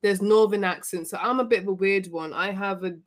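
A woman's voice: medium pitch, a little fast. A young adult woman with a Birmingham Midlands accent, chatting casually as a podcast guest, a bit self-deprecating. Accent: Birmingham, English Midlands. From England. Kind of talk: casual interview chat.

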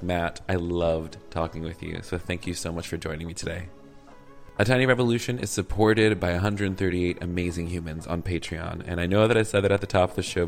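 A deep-voiced man with a Southern US accent hosts his podcast in a loose, campy, chatty way. Faint music plays under parts of his talk. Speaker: podcast host. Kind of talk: casual podcast chat.

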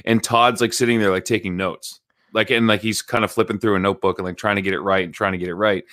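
A man's voice: fairly low pitch, steady tone, quick pace, a bit bright, no room sound, studio quality. A man co-hosting a podcast, talking loosely about a TV show with lots of "like" and some swearing. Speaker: podcast co-host. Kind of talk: casual recap chat.

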